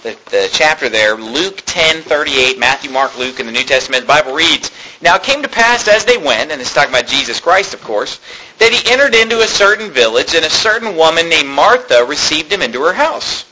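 A man's voice: fairly high pitch, lively intonation, fairly quick, sharp tone, a little hiss or hum, rough recording. A man preaching a sermon, reading scripture aloud and then explaining it in an earnest, conversational way. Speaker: pastor.

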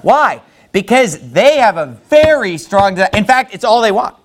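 A male pastor delivers a sermon in an animated style, peppering it with rhetorical questions and reading scripture in archaic language. His voice sits high and moves at a normal speed.

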